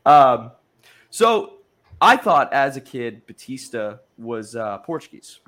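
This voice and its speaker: A man's voice: medium pitch, very animated, takes it slowly, a bit bright. Rambling, self-mocking podcast man. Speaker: podcast host. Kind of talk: casual chat.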